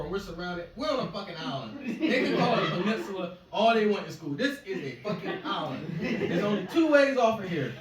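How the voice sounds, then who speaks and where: A man doing casual stand-up, telling rambling, profane stories to a small crowd. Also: high-pitched. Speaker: stand-up comedian. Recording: echoey room, far mic, noisy.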